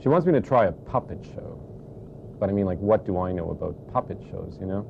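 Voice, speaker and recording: Chatty hesitant male narrator, gravelly, lively pitch, muffled lo-fi sound. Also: a little fast, slight background noise. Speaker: puppet show narrator. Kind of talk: casual storytelling. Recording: dull lo-fi home recording.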